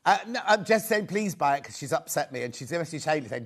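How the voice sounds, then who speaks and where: A man presenting a live TV shopping show, rambling and excitable as he pleads with viewers to buy. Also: on the high side, quick pace. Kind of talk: live TV sales pitch. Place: TV studio.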